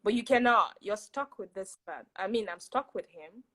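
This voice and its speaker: A woman chatting as a guest on a video call, animated and emphatic, often repeating herself for effect. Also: mid-range voice, moderate pace, low-quality recording. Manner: animated, laughing, emphatic repetition. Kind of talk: casual chat on a video call.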